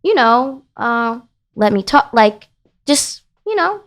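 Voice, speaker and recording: A woman's voice: on the high side, big pitch swings, slow pace. Woman playing a nonchalant husband, hesitant and vague. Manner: hesitant, mumbling filler words.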